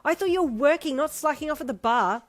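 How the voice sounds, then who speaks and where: A woman voicing a worried young girlfriend who snaps sharply and loudly in a fan fiction audio story. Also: on the high side, sing-song, normal speed, pitched above the performer's own voice. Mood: angry. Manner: sharp, loud, snapping.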